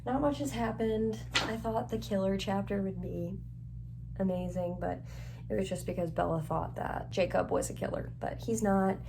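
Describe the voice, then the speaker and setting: A woman giving a casual reading vlog recap, chatty and excitable, with lots of "like" and "literally". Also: medium pitch, normal speed, creaky, noisy background. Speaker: book vlogger.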